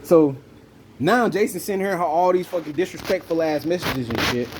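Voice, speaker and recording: A man from the telling a personal story in casual, profane, animated chat. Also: fairly quick, noisy background. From Southern United States. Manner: animated, profane, jumps into high voices when quoting himself. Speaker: podcast host.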